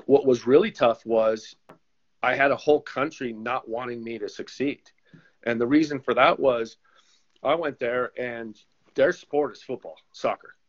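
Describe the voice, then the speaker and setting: Man, former pro goalkeeper and coach, animated storyteller; mid-pitched voice, slightly muffled recording. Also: unhurried. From United States. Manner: animated storyteller who acts out quoted voices. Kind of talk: casual storytelling interview. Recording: slightly dull lo-fi sound.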